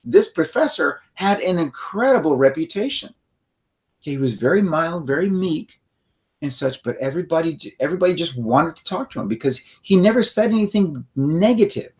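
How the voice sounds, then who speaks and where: This podcast co-host has a fairly high, expressive voice and speaks at a normal speed. On a self-help show, he explains ideas in a loose, rambling, conversational teaching style and acts out example phrases.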